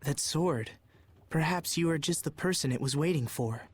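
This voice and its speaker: An actor voicing an earnest young prince in a video game, speaking in a formal, measured, polite way. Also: male voice, fairly high pitch, husky. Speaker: game character.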